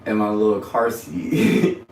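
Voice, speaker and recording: A young man on a casual livestream, telling a family story in an animated, rambling way with plenty of swearing. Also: on the low side, slow. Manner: animated, rambling, profane, often laughs. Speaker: livestream host. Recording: roomy sound, distant from mic, faint background noise.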